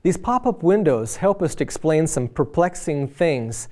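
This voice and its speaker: A man's voice: fairly high pitch, big pitch swings, measured pace, warm tone. Chatty man teaching about marriage. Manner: chatty, addresses men directly with questions; acts out quoted voices of wife and friends.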